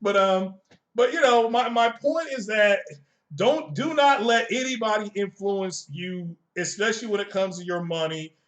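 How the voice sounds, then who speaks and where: A middle-aged man hosts a casual live stream, talking in a high voice. His tone is bright and forceful as he rants bluntly and swears freely, chuckling at his own jokes. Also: normal speed. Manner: blunt, profane and joking, chuckles often.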